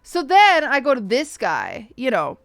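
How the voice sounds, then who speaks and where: A woman's voice: high-pitched, unhurried, vocal fry, no echo, faint music behind. A young woman streamer casually telling a story to her chat, acting out the people she quotes and swearing freely. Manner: animated, acts out quoted voices, swears casually.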